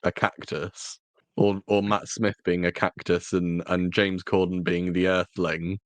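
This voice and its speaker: A man's voice: deep voice, flat delivery, measured pace, dry recording. A man co-hosting a podcast, chatting casually with wry, teasing humor. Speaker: podcast co-host. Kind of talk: casual chat.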